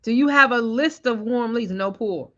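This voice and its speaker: A woman's voice: fairly high pitch, moderate pace, a bit bright, dull audio. A woman sales coach talking on a live stream, often stopping to ask viewers whether it makes sense. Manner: keeps checking in with viewers.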